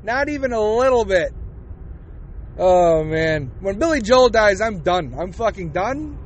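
A man's voice: sits high, lively intonation, unhurried. A man in his forties hosting a podcast, ranting bluntly with plenty of swearing. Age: 40s. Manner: profane, blunt, heated. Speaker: podcast host. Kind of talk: opinionated podcast rant.

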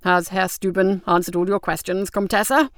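A woman voicing a weary, tactful gentleman who keeps his manners restrained. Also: mid-range voice, fairly even intonation, normal speed, no room sound, clean studio sound, natural voice. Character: weary polite gentleman, diplomatic.

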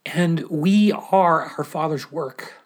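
A man talking about faith in a casual, animated way, often acting out the voices he quotes and using fillers like "like". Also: on the high side, slow pace. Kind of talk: casual sermon-style chat.

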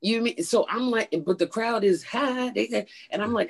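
A woman comedian being interviewed, telling a story in an animated way and acting out quoted voices with big pitch jumps. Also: normal speed, hardly any pauses, breathy edge. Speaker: stand-up comedian, guest.

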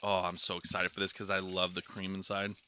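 A man's voice: sits low, completely flat delivery, brisk, sharp tone, a little hiss or hum. A man co-hosting a podcast, chatting casually while tasting snacks, swearing and laughing through joking banter. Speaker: podcast co-host. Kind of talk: casual chat while taste-testing snacks. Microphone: studio microphone.

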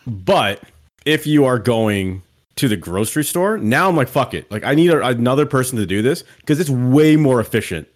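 A man's voice: mid-range voice, animated, moderate pace. A man, co-hosting a podcast in casual chat, complaining in an exasperated way and swearing often. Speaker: podcast co-host.

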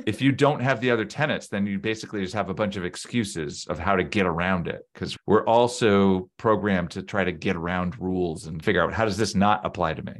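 A man's voice: deep voice, a little fast, few pauses. A man co-hosting a casual podcast chat, reflective and explaining his ideas with everyday examples.

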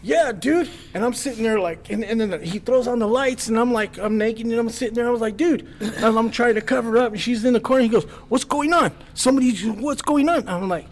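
A man guest on a podcast telling a wild story casually, animated and swearing freely as he acts out what others said. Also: extremely high pitch, fast talker, few pauses.

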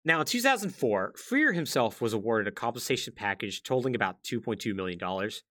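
Very animated and a little fast, a man with a mid-range, somewhat bright voice hosts a podcast on gaming history. The talk is casual and chatty, loaded with "like" and wry asides.

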